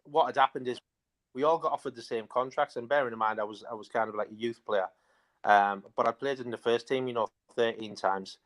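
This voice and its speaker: A man's voice: medium pitch, fairly bright tone. A middle-aged man telling stories about his football career in a rambling, casual way, full of fillers. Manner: rambling, fast, many fillers. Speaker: interview guest, former footballer. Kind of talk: casual storytelling.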